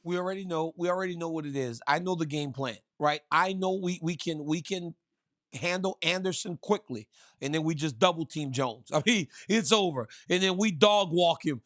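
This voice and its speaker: Male co-host, animated, laughing storyteller with a fairly high voice. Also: moderate pace. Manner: animated storyteller, laughs through his stories. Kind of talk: casual talk show chat.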